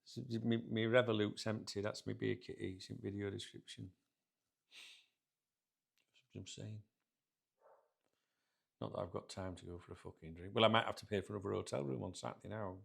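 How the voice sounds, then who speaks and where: A man's voice: fairly low pitch, steady tone, brisk, vocal fry, pauses often. A middle-aged man, hosting a football channel and grumbling to camera in a rambling, sweary, casual rant. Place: sat in a chair indoors.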